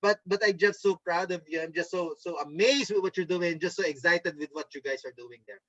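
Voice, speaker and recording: A man's voice: sits high, brisk, fairly bright tone, dry recording, muffled recording. A man giving a motivational training talk over a video call, upbeat and coaxing, often checking in with "okay?". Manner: mimics gloomy voices to make a point. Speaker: network marketing trainer. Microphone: video call microphone.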